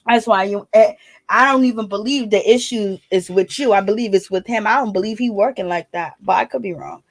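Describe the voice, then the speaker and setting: A woman's voice: medium pitch, a little fast, no room sound. A woman giving casual, sassy gossip commentary on a reality show, calling her listeners girl and baby.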